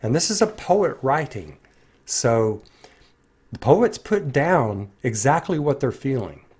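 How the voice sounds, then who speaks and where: A man's voice: mid-range voice, very animated, slow, darkish tone, breathy edge. Earnest man musing on song lyrics. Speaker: music commentator. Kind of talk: reflective song commentary.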